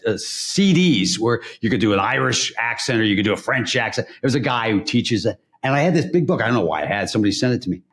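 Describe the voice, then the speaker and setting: A man chatting as a podcast guest, telling animated stories and laughing often. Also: mid-range voice. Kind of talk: casual podcast chat.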